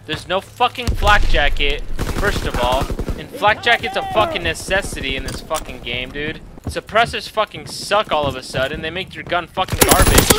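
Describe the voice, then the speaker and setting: A man's voice: on the high side, lively intonation, moderate pace, noisy background. A young man giving profane, frustrated gameplay commentary, breaking into angry outbursts. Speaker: gaming video creator. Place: at home playing a console shooter. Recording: loud gunfire from the game behind the voice.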